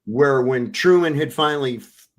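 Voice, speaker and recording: A man co-hosting a casual live-stream chat, venting with a lot of swearing and animated storytelling. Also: medium pitch, normal speed. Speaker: livestream co-host.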